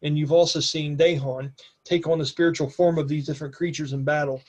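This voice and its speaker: A man's voice: on the high side, steady tone, fairly quick, a little mellow. Game master man narrating casually. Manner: casual, with fillers.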